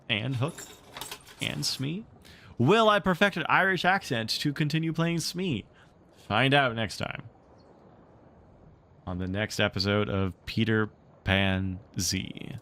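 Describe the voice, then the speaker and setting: A man reading a storybook aloud on a stream and chatting casually, animated and playful. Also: mid-range voice, takes it slowly, long pauses. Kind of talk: read-aloud narration and casual stream chat.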